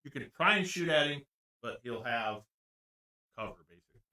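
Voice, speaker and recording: A man's voice: medium pitch, animated, pushed and bright, roomy sound. A man running a tabletop game as game master, calling rolls and narrating the action, often breaking into laughter. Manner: laughs often, quick rulings.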